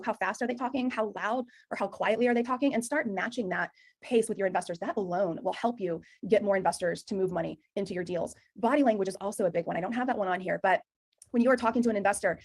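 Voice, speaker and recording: A middle-aged woman from Texas with a Texan accent, giving an emphatic, loud sales training presentation to a room. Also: mid-range voice. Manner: loud, emphatic, talks very fast.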